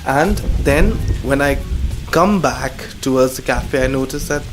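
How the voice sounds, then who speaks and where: A young man from India telling a comic anecdote in a wry, deadpan way. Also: medium pitch, a little slow. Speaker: storyteller. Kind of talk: comic storytelling. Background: music.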